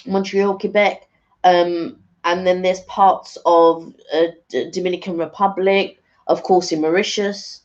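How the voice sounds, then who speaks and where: A woman's voice: fairly low pitch, steady tone, unhurried. A woman co-hosting a live stream, chatting casually and rambling with fillers and restarts. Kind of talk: casual chat. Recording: dull lo-fi stream audio.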